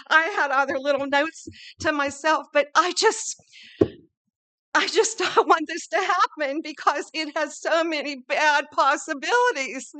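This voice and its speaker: A woman with a high, bright voice speaks at a public meeting, pleading and emotional. Her remarks ramble and circle back. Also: unhurried. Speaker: public commenter. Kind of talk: public comment at a council meeting.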